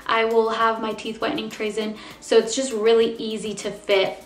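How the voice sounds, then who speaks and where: A woman's voice: fairly high pitch, completely flat delivery, moderate pace, echoey room. A young woman with a slight lisp, chatting upbeat to her viewers in a sponsored product review. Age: young adult. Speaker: beauty vlogger.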